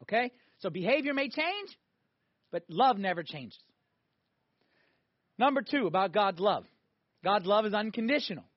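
Male priest, high voice, animated sermon, dull dry lo-fi recording. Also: moderate pace, long pauses, no echo. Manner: animated preaching, swinging between loud emphatic peaks and quiet asides.

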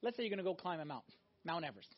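A man preaching a sermon, emphatic and animated, swinging between loud exhortation and hushed intensity. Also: a little high, racing. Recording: dull lo-fi recording.

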